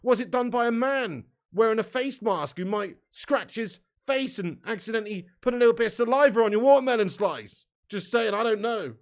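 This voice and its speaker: A man's voice: very high-pitched, expressive, fairly quick, few pauses. A young English man hosting a live stream, chatting in sweary, laddish banter with his viewers and laughing often. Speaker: livestream host. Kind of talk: live watch-along chat.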